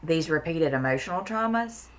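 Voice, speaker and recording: A woman's voice: low voice, lively intonation, normal speed. A woman talking in a casual podcast conversation, blunt and emphatic, swearing freely and repeating words for stress. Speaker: therapist guest.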